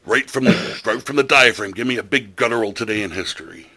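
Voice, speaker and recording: A man's voice: fairly low pitch, quick pace, bright, forceful tone. A man hosting a podcast in casual chat, chatty and enthusiastic with a rambling way of telling stories. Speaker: podcast host.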